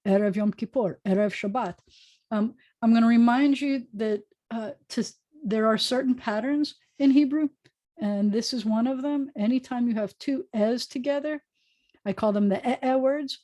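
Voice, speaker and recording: A woman's voice: mid-range voice, dark tone. Chatty American woman teaching online. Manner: chatty, explains patiently with asides. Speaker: rabbi teaching Hebrew. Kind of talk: online class lesson. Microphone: video call.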